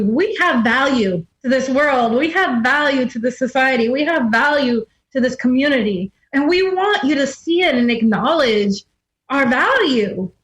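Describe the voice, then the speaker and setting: A woman's voice: high-pitched, a bit bright, rough recording. A woman co-hosting a radio talk show, making her points in a firm, reasoned way. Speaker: co-host. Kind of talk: casual conversation.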